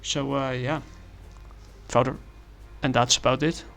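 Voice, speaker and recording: A man's voice: mid-range voice, steady tone, measured pace, gravelly, a bit bright, soft background music. A man giving a casual comic review, rambling with many fillers and apologies.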